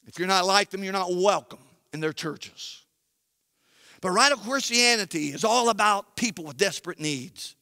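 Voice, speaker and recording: Male pastor preaching, high clear voice, slow and deliberate, long church reverb. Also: expressive, clean studio sound. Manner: emphatic, rises to shouting at key points. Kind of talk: sermon.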